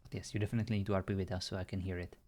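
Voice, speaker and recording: A man's voice: deep voice, little pitch movement, very fast, a little mellow. A European man chatting casually with viewers as a streamer, laughing often and joking around.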